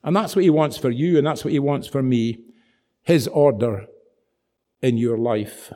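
A man preaching a sermon, telling stories with animated, dramatic emphasis. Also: medium pitch, a little slow.

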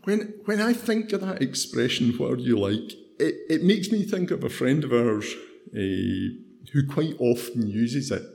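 Middle-aged Scottish preacher, unhurried and conversational, with an expressive, creaky voice. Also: male voice, mid-range voice. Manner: chatty, anecdotal, tags "right?". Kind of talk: informal devotional talk.

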